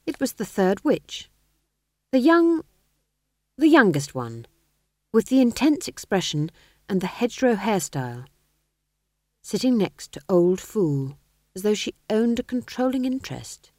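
A woman reading a novel aloud as narrator, with an expressive, wry storytelling manner. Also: medium pitch, a little slow, pauses often, dry recording, studio quality. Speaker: audiobook narrator. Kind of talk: scripted narration.

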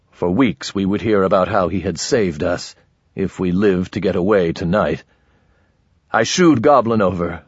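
A man narrating a first-person audiobook in a dry, steady storytelling manner. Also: on the low side, slightly rough, no room sound, dull audio.

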